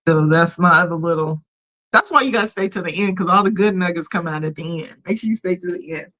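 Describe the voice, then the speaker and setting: A woman's voice: fairly low pitch, quick pace, pushed and bright, low-quality recording. Woman with a radio voice. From United States. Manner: chatty, emphatic, often laughs and reads chat messages aloud. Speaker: livestream host. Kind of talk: casual livestream chat.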